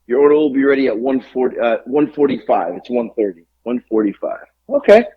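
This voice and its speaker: Tinny audio captures a man with a brisk, husky, narrow mid-range voice as he co-hosts a podcast. He tells a lengthy, profane, exasperated story in the style of a casual rant, very animated.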